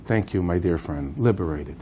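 A man tells a dramatic story at a memorial program. His voice sits low with a dark, mellow tone, and he leans on key words with sudden shifts of pace. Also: animated, normal speed, slight background noise.

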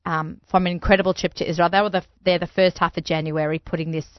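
A woman hosting a podcast, chatty and excitable, often repeating her words as she goes. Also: lowish voice, fast, no echo, highs cut off. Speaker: podcast host. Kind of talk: casual interview chat.

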